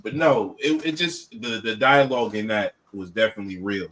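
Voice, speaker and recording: A man's voice: fairly low pitch, brisk, fairly bright tone. A man co-hosting a wrestling podcast, talking in a blunt, profane, casual way and often repeating himself. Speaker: podcast co-host.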